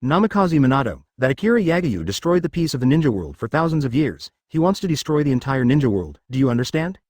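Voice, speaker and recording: A man's voice: mid-range voice, very animated, fast, darkish tone, no echo, clean studio sound. A man reading as an impatient ninja leader. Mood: exasperated. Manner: exasperated, pressing.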